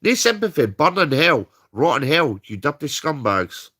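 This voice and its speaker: A man's voice: on the high side, big pitch swings, moderate pace, bright, forceful tone, husky. A British man ranting on a livestream, heated and swearing, tagging his points with "right?". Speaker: streamer. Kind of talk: angry livestream rant.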